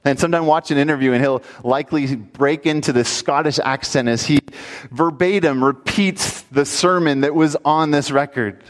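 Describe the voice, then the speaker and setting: A pastor giving a sermon, telling a story with animation and rising into emphatic calls to the congregation. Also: male voice, a little high, normal speed, big-room sound.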